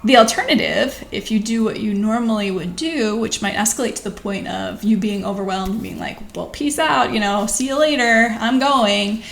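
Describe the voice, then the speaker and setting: A woman speaking to camera in a thoughtful, conversational way, gently coaching listeners. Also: medium pitch, creaky. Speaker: physician hosting her own video channel. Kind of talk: reflective talk to camera. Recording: echoey room with faint background noise.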